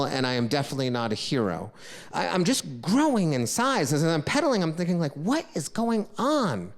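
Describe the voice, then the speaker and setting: A middle-aged man from the United States telling a true story on stage, animated, swinging from loud outbursts to hushed lows. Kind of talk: live solo storytelling performance.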